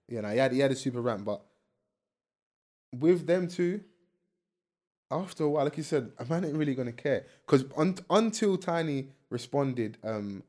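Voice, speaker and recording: A young man, co-hosting a casual chat and talking in lively, slang-filled bursts. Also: mid-range voice, normal speed, pauses often. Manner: animated, slangy, talks over his co-host. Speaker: podcast co-host. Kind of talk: casual chat about UK rap beefs.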